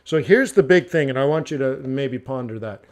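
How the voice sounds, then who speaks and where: A man hosting a casual forex trading live stream, talking through charts in a joking, animated way. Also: medium pitch, normal speed. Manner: chatty, joking, animated asides with mock voices.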